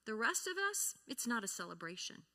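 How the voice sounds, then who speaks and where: A woman's voice: on the high side, very animated, normal speed, pushed and bright. A woman speaking at a church, teaching about feelings and grief, often asking the audience questions and acting out example replies. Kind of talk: teaching talk to a congregation.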